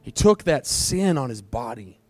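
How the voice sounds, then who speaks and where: A male pastor leading a fervent prayer and altar call in a church service, swinging between loud pleading and hushed, quiet stretches. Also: medium pitch, big pitch swings, moderate pace, no echo, faint music behind. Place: church sanctuary, also streamed online.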